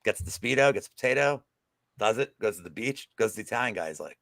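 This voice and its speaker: A man co-hosting a betting podcast in casual chat, an animated, jokey storyteller who swears freely. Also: lowish voice, quick pace, creaky, no echo.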